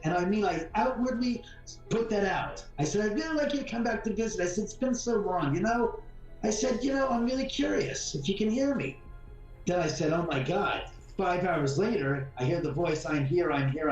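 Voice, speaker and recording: A man telling ghost stories in a casual interview, rambling and animated, often repeating words and swearing mildly. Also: high voice, moderate pace. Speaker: homeowner guest. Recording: echoey room from far off, faint music.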